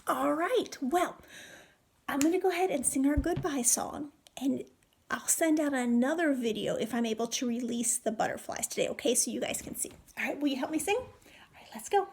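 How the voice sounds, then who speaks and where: A woman teacher reading a picture book aloud to young children, animated and full of questions. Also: sits high, fairly quick, gravelly, a little hiss or hum. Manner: animated, questioning, sing-song.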